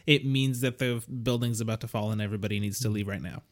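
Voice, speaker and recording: A man's voice: on the low side, steady tone, fast talker. A man co-hosting a comedy podcast, telling absurd stories in a dry, straight-faced way. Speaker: podcast co-host. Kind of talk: deadpan tall tales.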